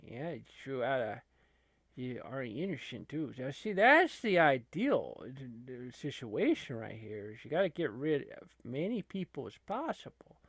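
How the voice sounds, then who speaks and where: A man's voice: mid-range voice, very animated, measured pace, fairly bright tone, no echo. A man casually commentating a wrestling video game as a channel host, rambling with many fillers and laughing between remarks. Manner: rambling, laughing, filler-heavy, lots of restarts.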